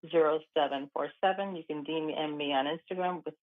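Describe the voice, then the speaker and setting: A woman's voice: low-pitched, steady tone, brisk. A woman real estate agent calling in as a guest, speaking briefly and in a businesslike way. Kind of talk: phone-in guest. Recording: tinny phone line.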